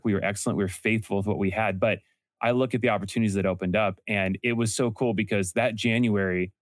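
A man's voice: on the low side, no room sound. Earnest young man, dry close sound. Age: young adult. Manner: earnest storytelling, quick self-corrections. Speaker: podcast host and entrepreneur guest. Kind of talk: casual interview talk.

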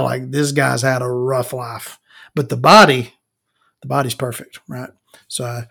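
Gravelly man rambling crude stories. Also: medium pitch, a bit bright. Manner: crude, rambling storytelling that calls himself Victoria; frequent fillers and self-restarts. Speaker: podcast host. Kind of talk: casual comedic monologue.

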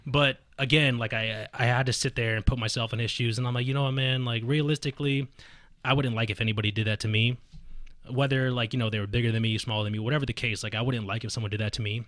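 A man's voice: medium pitch, fast, no room sound. A young man on a podcast telling a story in casual talk, swearing freely and acting out what people said. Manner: animated retelling, acts out quoted voices loudly, swears freely. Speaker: podcast guest, fighting game player.

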